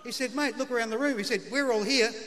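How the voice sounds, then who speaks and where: A middle-aged Australian comedian with a very high voice talks fast, delivering a comic story on stage in a laconic, punchline-driven style. He's performing on a large live television stage before an audience, and the recording carries long hall reverb with faint crowd noise.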